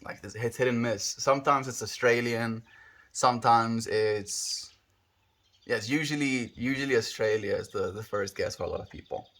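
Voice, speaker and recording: A man with a South African accent chats on a livestream, musing and rambling as he thinks out loud and humming between thoughts. His voice is lowish, and he talks quickly with few pauses.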